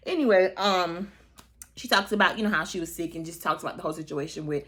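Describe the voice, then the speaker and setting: A woman in her thirties giving a casual, sassy recap of a reality show, chatty and playfully shady, and she slips into exaggerated high voices for quotes. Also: fast, a bit bright. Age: 30s. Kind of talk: casual gossip commentary.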